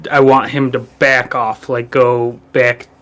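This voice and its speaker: A man's voice: medium pitch, little pitch movement, a bit bright. A man playing in a tabletop game, thinking aloud as he decides what his character does. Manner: slow, deliberating, thinking aloud. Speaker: player. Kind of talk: casual tabletop play.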